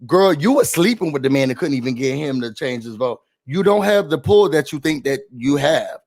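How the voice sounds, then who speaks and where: A man hosting a casual reality show recap, sassy and animated, mocking the people he talks about. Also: on the high side, moderate pace.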